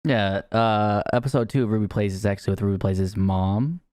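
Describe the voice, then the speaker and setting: A man's voice: fairly low pitch, a little fast, darkish tone, no echo, studio quality. A man co-hosting a podcast, chatting casually with joking, teasing asides. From northern United States. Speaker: podcast co-host. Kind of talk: casual chat.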